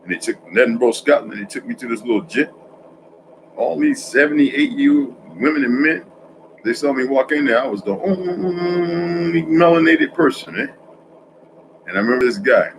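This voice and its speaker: A man talking straight to his viewers in a loose, rambling monologue. His voice sits at a middle pitch, and he keeps stopping to correct himself mid-thought. He swings from loud, pushed lines down to near-hushed asides, with a faint hum of room noise behind him. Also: lively intonation, moderate pace.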